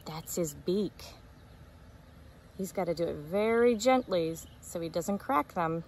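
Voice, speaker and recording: A woman teacher reading a picture book aloud to preschoolers, gently explaining and asking them questions. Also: fairly low pitch, slow, a little hiss or hum. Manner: asks young listeners questions, explains gently.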